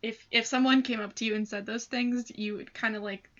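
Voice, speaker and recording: A young woman co-hosting a casual movie discussion, gushing and halting, with many fillers. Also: on the high side, steady tone, fairly bright tone, lo-fi sound. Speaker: podcast co-host.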